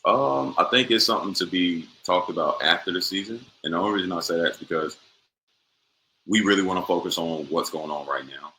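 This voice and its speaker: A man's voice: low-pitched, a little fast, pushed and bright, a little hiss or hum, poor audio. A young man, a professional basketball player, answering interview questions in a laid-back way with many fillers.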